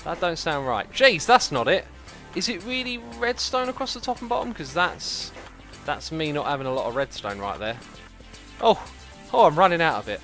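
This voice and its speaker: A man's voice: on the high side, moderate pace, soft background music. A man hosting a game livestream, chatting casually in a rambling, jokey way with lots of fillers. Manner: excitable outbursts, playful and jokey. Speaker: livestream host playing a game. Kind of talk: casual gaming commentary.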